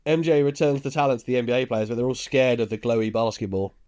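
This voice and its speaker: Chuckling through his laid-back retelling, a male podcast co-host recaps a film's plot one scene at a time. He speaks quickly in a mid-range, darkish voice with fairly even intonation.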